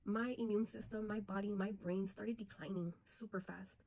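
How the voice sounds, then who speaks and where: Woman vlogger, personal storytelling to camera, earnest and direct with her audience, middle pitch. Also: fairly even intonation, normal speed, vocal fry, a little mellow, low-quality recording. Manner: earnest, addresses viewers as "you guys" often.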